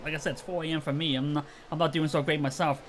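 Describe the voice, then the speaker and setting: A man's voice: a little high, little pitch movement, quick pace, slight background noise. A tired Northern Irish man chatting casually on a late-night live stream, rambling and self-mocking with frequent chuckles. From Northern Ireland.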